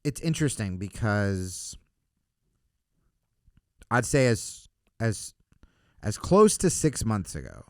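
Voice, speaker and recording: A man with a lowish voice tells stories in a loose, animated way, cursing freely and breaking into laughter as he goes. His voice comes through smooth and full, close to the mic in a dry room with no echo. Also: slow, long pauses. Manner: animated storyteller who swears a lot. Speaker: podcast guest, comedian. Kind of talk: casual chat. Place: podcast studio.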